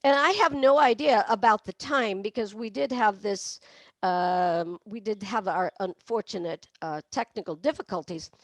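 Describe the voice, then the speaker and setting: A woman's voice: mid-range voice, moderate pace, no echo. A woman leading a singing lesson on breathing, demonstrating with barks, meows and sung laughs. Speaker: vocal coach. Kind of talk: online voice lesson.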